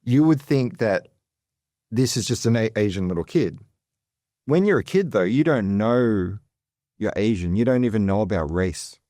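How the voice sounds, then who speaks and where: An Australian financial advisor appears as a guest on an interview show, chatting casually and drifting off on tangents with lots of fillers as he tells his story. His voice is fairly low, mellow and expressive, at a moderate pace. The recording is dry and close, without room echo.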